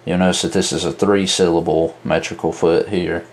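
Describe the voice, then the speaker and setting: A man teaching a lesson, explaining slowly and methodically, counting out examples as he points to a board. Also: low voice, flat delivery, a little hiss or hum. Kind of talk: explaining at a whiteboard.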